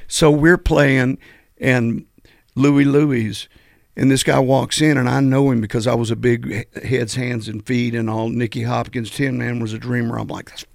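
An older man, his voice gravelly and fried at the edges. He tells road stories with animation and lectures firmly about the music trade. The sound is close and dry. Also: mid-range voice, a little slow, no echo. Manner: animated storyteller, preachy about the music business. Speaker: guest musician. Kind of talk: storytelling in a podcast interview.

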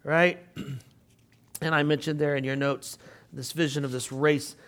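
Older man teaching the Bible, lively. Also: a little high, measured pace. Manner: animated, with frequent throat clearing and asides to the class.

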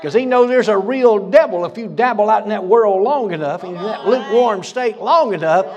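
A man's voice: high voice, normal speed, lo-fi sound. A man preaching a sermon as pastor, fiery and folksy, laughing between lines in a church. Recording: reverberant church hall.

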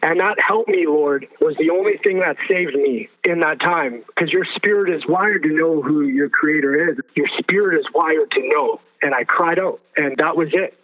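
A man telling his personal testimony as a guest, earnest and vivid, repeating phrases for emphasis. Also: on the high side. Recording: phone-like narrow sound.

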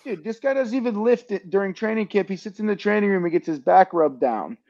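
A man's voice: high voice, expressive, a little fast, darkish tone, dull audio. A man co-hosting a casual podcast chat, teasing his teammates. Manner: joking, teasing banter. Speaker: podcast co-host, football player.

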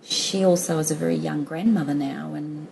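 A woman's voice: low-pitched, steady tone, normal speed, vocal fry, darkish tone, a little hiss or hum, rough recording. A middle-aged woman from Australia, chatty and laughing often as she tells her story in a casual interview, with many restarts. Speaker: guest.

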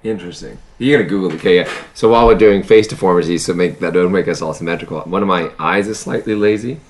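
A man co-hosting a casual podcast chat in an animated way. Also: deep voice, fast talker, slight background noise. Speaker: podcast co-host.

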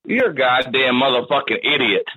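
A man's voice: mid-range voice, very animated, moderate pace, bright, forceful tone, husky. A man on a phone call, furious, cursing and threatening. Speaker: prank call victim.

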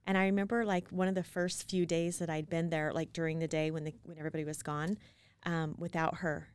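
Lower-voiced woman podcast co-host. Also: level tone, smooth. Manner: conversational, quick asides, fillers. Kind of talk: casual storytelling chat.

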